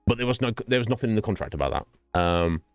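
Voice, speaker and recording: A male streamer chatting casually and rambling, often breaking into laughs. His voice sits on the low side but swings widely in pitch. It sounds dry and close, with faint music underneath. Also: expressive, fast talker, clean tone, no echo. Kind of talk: casual livestream chat.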